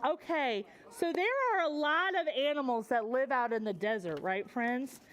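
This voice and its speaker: An American woman leading a preschool story time in a library, singing and coaxing young children in a lively sing-song way. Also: high voice, normal speed.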